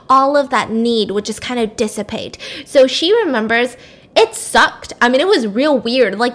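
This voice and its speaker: A woman's voice: on the high side, fairly bright tone. A woman casually retelling a long story to a co-host, chatty and full of "like" and casual swearing.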